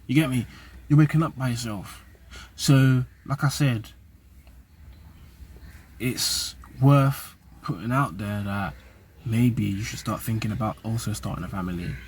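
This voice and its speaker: A man's voice: medium pitch, a little slow, long pauses, a little mellow, slightly rough. A young man from the UK and Nigeria, talking casually and animatedly to camera in street slang. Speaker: vlogger. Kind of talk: casual vlog monologue.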